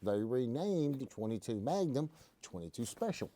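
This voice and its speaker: A man's voice: mid-range voice, very animated, moderate pace, dark tone. A man hosting a casual live stream from a gun shop, telling stories in a folksy, joking way. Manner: folksy, joking, rambling explanations. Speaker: host.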